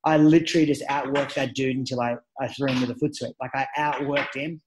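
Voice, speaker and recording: A man's voice: mid-range voice, fast talker, noisy background. A man, a judo coach, talking casually and energetically in a podcast interview, with frequent restarts. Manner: energetic, animated storytelling with many restarts. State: a parent at home. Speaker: judo coach and former Olympian, guest.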